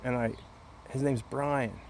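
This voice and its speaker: A man's voice: mid-range voice, fairly even intonation, slow, vocal fry, a little mellow, slight background noise. A man talking casually to camera outdoors in a backyard corner, rambling through a story with many restarts. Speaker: vlogger. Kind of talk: casual chat.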